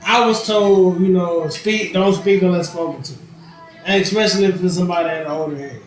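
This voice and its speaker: High-voiced man in a very echoey room. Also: fairly quick, soft background music. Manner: animated storyteller, laughing, swearing, acts out quotes. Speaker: podcast host. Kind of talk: casual chat.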